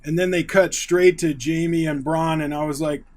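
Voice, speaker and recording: Excitable man recapping a TV episode. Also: on the high side. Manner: excitable, retells scenes in quick paraphrase. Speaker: YouTube show host.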